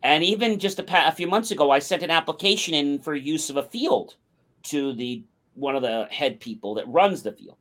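Talk show co-host, male, animated anecdote teller with swinging pitch. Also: moderate pace. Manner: animated anecdote with acted-out quotes. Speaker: podcast co-host. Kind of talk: casual storytelling.

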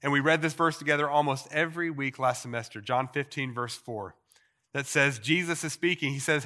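A man preaching a sermon as a pastor, slowing down to stress key phrases and letting his sentence endings drop soft and quiet. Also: mid-range voice. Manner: preaching with slow emphatic repetitions and trailing quiet phrase endings. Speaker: pastor teaching a Bible series.

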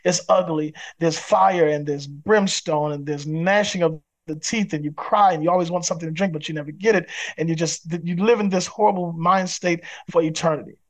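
A man's voice: fairly high pitch, steady tone, a little fast, hardly any pauses. A man who is a pastor, a guest on a podcast interview, speaking in an emphatic, preacherly way. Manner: acts out quoted people in other voices.

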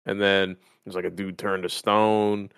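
A man hosting a casual gaming podcast, retelling game scenes in an animated, profane way. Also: sits low, unhurried, smooth, no room sound, clean studio sound. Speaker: podcast host.

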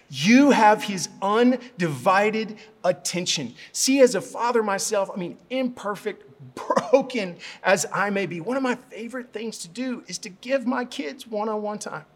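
A middle-aged man, a pastor, preaching a sermon and telling a story, rising to loud, fervent prayer. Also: high voice.

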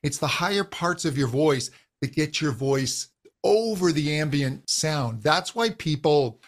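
A middle-aged man with a voice pitched a little high for a man talks as a vocal coach. He explains anatomy and technique steadily and clearly, like a teacher walking a guest through the basics. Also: a little slow. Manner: calm, instructive, uses physical demonstrations of voice. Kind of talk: explanatory interview answers.

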